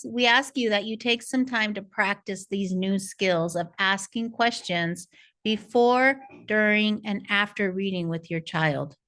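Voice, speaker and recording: A woman with a mid-range, slightly bright voice narrates a scripted parent workshop as a reading coach. Her tone is patient and encouraging, like a teacher.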